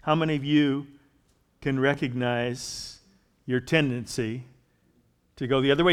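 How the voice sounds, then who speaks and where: A man's voice: medium pitch, steady tone, measured pace, long pauses, smooth. A man preaching a sermon in a conversational way, growing emphatic as he reads and explains scripture. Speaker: pastor.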